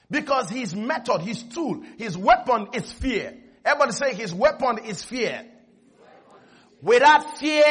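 High-voiced, bright male preacher. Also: husky. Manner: animated, acts out scenes, leads the call and response. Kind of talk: sermon.

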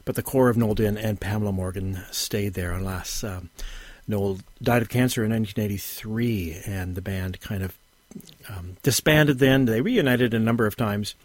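A man presenting a folk music radio show in a rambling, relaxed way, with many fillers and self-corrections. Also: fairly low pitch, moderate pace, no room sound. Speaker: radio host.

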